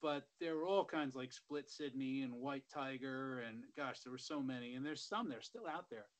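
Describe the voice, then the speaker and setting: A middle-aged man, a guest musician, telling stories in a relaxed, rambling way with many asides. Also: medium pitch, moderate pace, low-quality recording. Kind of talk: casual interview storytelling.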